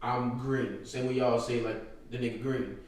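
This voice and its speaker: A man from Nigeria talking loudly and animatedly in a casual podcast chat, heard a bit off-mic. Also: medium pitch, moderate pace, far from the mic. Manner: loud, animated, laughing storyteller. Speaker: podcast co-host. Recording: roomy echo, voice a bit off-mic.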